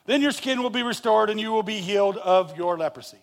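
A man preaching a sermon, animated and jokey, acting out people's reactions and asking his congregation questions. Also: sits high, fairly quick. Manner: animated, acts out reactions with rising and falling loudness. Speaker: pastor.

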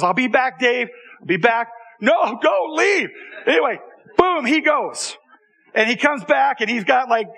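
A man telling a personal story to an audience in a lively, conversational way, often checking in with the listeners. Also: high-pitched. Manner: animated, conversational, with repeated restarts and audience asides. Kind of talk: storytelling talk.

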